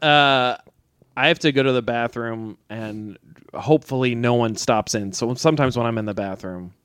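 A man's voice: medium pitch, moderate pace, fairly bright tone, smooth, no room sound. A man chatting casually and joking at his own expense as a co-host. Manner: self-mocking, joking. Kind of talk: casual chat.

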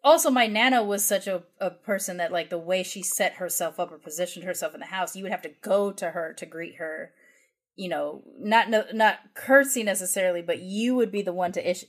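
A woman from the United States co-hosting a podcast, telling a family story in casual chat with lots of restarts and fillers. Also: lowish voice. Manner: rambling, full of restarts and fillers. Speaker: podcast co-host.

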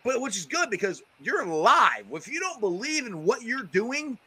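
A man's voice: very high-pitched, very animated, moderate pace, bright, forceful tone, husky. A man hosting a casual interview, laughing often and stumbling over repeated words. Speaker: podcast host.

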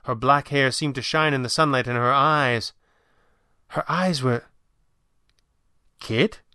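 A man narrating an audiobook in an even, unhurried storytelling manner. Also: mid-range voice, clear, resonant tone, no room sound, studio quality. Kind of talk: scripted narration.

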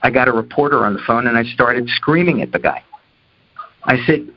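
A man's voice: medium pitch, brisk, creaky. An older man from New Jersey telling an anecdote from his career and acting out each person's lines. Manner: acts out dialogue with lively voices. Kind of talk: anecdotal storytelling talk. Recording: dull lo-fi audio.

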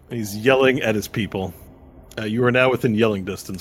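A man's voice: medium pitch, brisk, breathy edge. Rambling man narrating a tabletop game. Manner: rambling, filler-heavy, restarts a lot. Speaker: game master.

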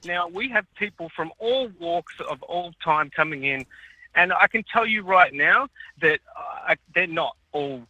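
A man's voice: fairly high pitch, expressive, a little slow, bright, forceful tone, no room sound, muffled recording. A man talking in a casual chat as co-host, ranting in an indignant way. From Australia.

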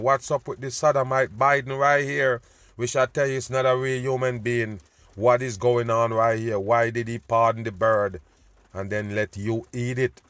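A man giving a loud, preachy, profane rant over news clips, repeatedly addressing his listeners as people. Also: medium pitch, no room sound. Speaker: host.

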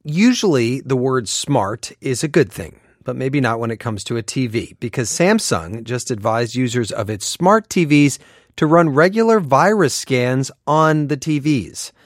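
A man's voice: mid-range voice, lively intonation, measured pace, no room sound. A man radio news host introduces the next segment in a wry, conversational tone. His voice sits in the middle range. The studio sound is dry and close. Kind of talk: radio hosting.

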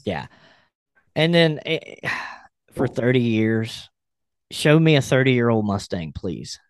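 A man's voice: mid-range voice, sing-song, takes it slowly, smooth, dry recording, studio quality. Blunt, wry male podcast host. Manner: wry, blunt, laughs while reading. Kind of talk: casual chat, reading a post aloud.

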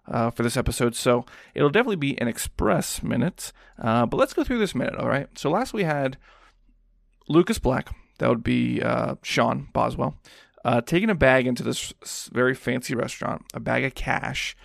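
A man's voice: mid-range voice, gravelly, dry recording, studio quality. A man hosting a podcast alone, recapping a film scene in a rambling, casual way with lots of fillers. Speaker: podcast host.

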